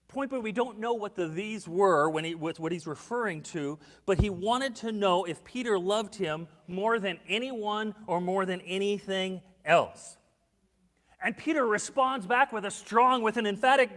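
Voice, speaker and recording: A male pastor preaching a sermon, swinging between loud emphasis and hushed, intimate asides. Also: high-pitched, normal speed, big-room sound. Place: church sanctuary.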